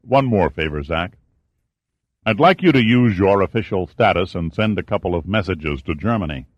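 A dry-witted adventurer who keeps his answers short and understated, read by a man in his own deep, low voice. The sound is close and dry, with no room around it. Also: expressive, normal speed, dry recording, muffled recording. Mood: laconic.

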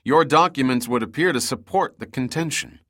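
A man reading an audiobook, voicing a cool male adventurer hero who speaks low, cold and clipped. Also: moderate pace, fairly bright tone, close to an everyday voice.

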